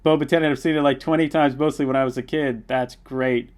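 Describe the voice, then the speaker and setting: A man's voice: mid-range voice, a little fast. Young male streamer, eager fan energy, reads chat aloud, ordinary mid-range voice. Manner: reads viewer comments aloud, excitable fan. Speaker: livestream host. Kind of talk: casual live watch-along chat.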